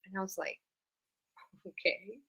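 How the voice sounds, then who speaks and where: Bright-voiced woman recounting her story. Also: medium pitch, fairly even intonation, a little slow, highs cut off. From Louisiana. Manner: rambling, with many fillers and restarts. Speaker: guest. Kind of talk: casual storytelling interview.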